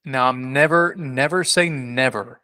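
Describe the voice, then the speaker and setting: Guy from south carolina cohosting a podcast, rambly and jokey, medium pitched voice. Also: measured pace, bright, forceful tone. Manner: rambling, joking, many restarts. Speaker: podcast co-host. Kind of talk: casual podcast chat.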